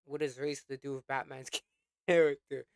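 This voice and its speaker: A man's voice: mid-range voice, little pitch movement, moderate pace, background noise. A man on a casual reaction stream, questioning the argument in an incredulous way. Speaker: stream co-host. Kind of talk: casual group reaction chat.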